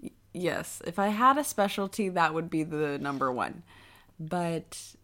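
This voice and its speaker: A young woman co-hosting a casual chat podcast, reacting quickly and sharing her own parenting story. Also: lowish voice, lively intonation, fairly bright tone. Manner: chatty, quick reactions and short interjections. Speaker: podcast co-host.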